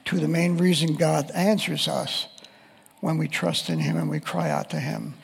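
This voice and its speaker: A man's voice: on the high side, steady tone, normal speed, vocal fry, breathy edge, long reverb tail. A man preaching a sermon, reading scripture passages aloud and explaining them. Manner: reads scripture aloud and quotes voices of the text.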